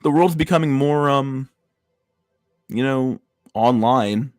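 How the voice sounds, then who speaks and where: A man's voice: medium pitch, slow pace, darkish tone, no echo. A man hosting a casual livestream, reacting to memes with crude slang-heavy banter. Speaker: livestream host.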